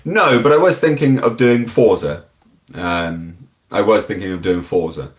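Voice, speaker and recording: A man's voice: on the low side, unhurried. A British man hosting a live stream, chatting casually and bluntly as he answers viewer comments in a rambling, frank way. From United Kingdom.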